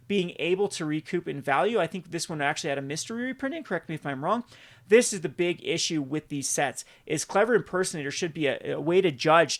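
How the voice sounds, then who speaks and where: Host type, a man with a slightly higher voice, rambling, self-correcting, exasperated. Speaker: channel host. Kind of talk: casual market commentary video.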